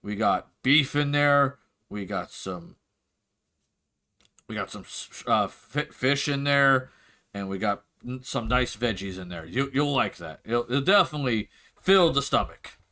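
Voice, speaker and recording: A man voicing a big, friendly male orc innkeeper who talks in a gruff, welcoming way in a tabletop role-play. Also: medium pitch, expressive, unhurried, sharp tone. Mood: hearty. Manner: gruff, friendly, pushes food on guests.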